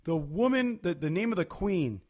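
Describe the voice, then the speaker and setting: A man's voice: high-pitched, animated, normal speed, a little mellow. A man, chatting casually on a podcast and telling loose, rambling stories full of fillers. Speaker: podcast co-host. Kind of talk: casual chat.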